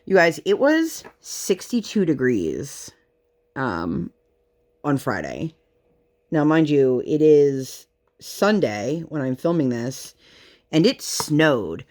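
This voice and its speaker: A woman's voice: sits low, big pitch swings, slow pace, a little mellow. A woman in her thirties chatting casually while crafting, telling family stories with lots of fillers and laughter. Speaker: crafting vlogger.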